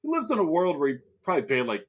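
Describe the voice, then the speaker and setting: A man's voice: fairly high pitch, huge pitch swings, racing, slightly rough. A man co-hosting a film podcast in casual chat, jokey and laughing often. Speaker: podcast co-host.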